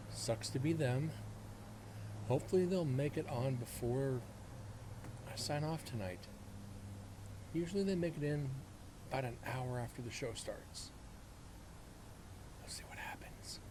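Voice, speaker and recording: A man in his forties hosts a paranormal live stream, talking straight to his viewers in a rambling, self-mocking way. His voice sits in a middle register, picked up on a desk mic with a steady wash of background noise behind it. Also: mid-range voice. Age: 40s. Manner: rambling, self-mocking, talks to chat directly. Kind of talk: casual live-stream chat.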